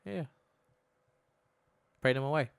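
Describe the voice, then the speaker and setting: A young man tells a story in a dry, deadpan ramble, tripping over his words as he goes. He sounds close to the mic, with no room around his voice. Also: medium pitch, a little slow, vocal fry, smooth, no echo. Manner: rambling, deadpan retelling with stumbles. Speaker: podcast co-host. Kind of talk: casual comedic storytelling.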